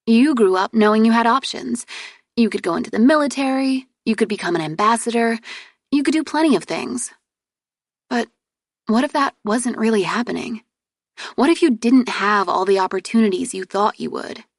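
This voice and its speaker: A woman's voice: on the high side, animated, normal speed, no room sound, studio quality, pitched above the performer's own voice. A woman voicing an exasperated young princess. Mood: earnest. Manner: indignant, sharp retorts.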